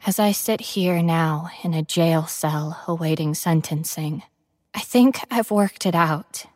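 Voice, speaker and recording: Slow, grave woman narrating horror. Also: low voice, a little mellow, no echo, studio quality. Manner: measured, grave first-person storytelling. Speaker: story narrator. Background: music.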